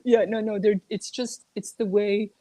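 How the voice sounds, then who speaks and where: A woman's voice: medium pitch, normal speed, no room sound. A woman from the United States, a regular correspondent chatting casually and telling stories with lots of laughter. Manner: animated storyteller, laughs a lot. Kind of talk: casual chat.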